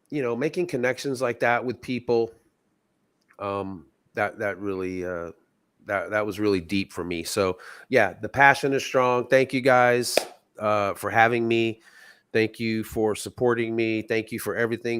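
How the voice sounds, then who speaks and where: A man's voice: medium pitch, fairly even intonation, unhurried, fairly bright tone, clean tone, no room sound, studio quality. A man from Texas, a guest sounding stuffy from a cold, telling stories in an earnest, reflective way. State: stuffy, sick. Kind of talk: casual chat.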